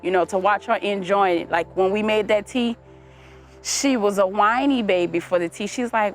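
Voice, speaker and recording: A woman, a mother and community gardener, talking in a documentary interview in a chatty, lively way. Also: mid-range voice, moderate pace, faint music behind.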